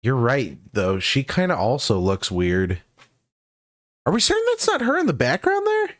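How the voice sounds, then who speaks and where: A man's voice: mid-range voice, huge pitch swings, normal speed, fairly bright tone, dry recording, studio quality. A man co-hosting a casual reaction chat, joking and sarcastic, swearing freely. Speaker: co-host reacting to a trailer.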